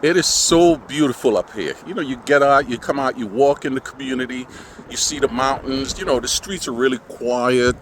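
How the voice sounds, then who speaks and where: A man's voice: medium pitch, normal speed. A man recording a casual, sarcastic, rambling vlog outdoors, often saying "man" and talking while driving around town. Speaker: vlogger. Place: outdoors on windy streets, partly driving. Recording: outdoor wind and traffic noise. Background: wind and passing cars.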